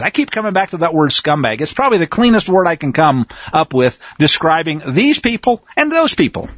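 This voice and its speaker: A man's voice: on the high side, sing-song, moderate pace, few pauses, a bit bright, breathy edge, dry recording, muffled recording. A man preaching a sermon, reading scripture aloud and commenting in a folksy, fiery way.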